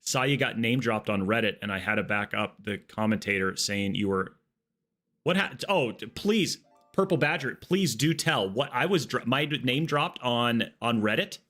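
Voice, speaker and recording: A man live-streaming a game, chatting casually in an excitable, joking, rambling way. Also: mid-range voice, normal speed.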